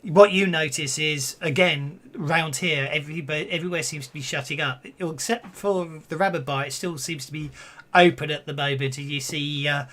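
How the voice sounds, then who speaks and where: Male tabletop game master with a slightly high voice; rambling delivery full of fillers and restarts. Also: normal speed, a bit bright.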